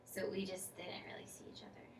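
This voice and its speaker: A woman's voice: brisk, in a whisper, close to an everyday voice. A woman playing a tired, unsure schoolgirl in a counseling role-play, talking hesitantly with many fillers. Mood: subdued. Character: female schoolkid client, tired, restless, unsure. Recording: echoey room, distant mic, faint noise.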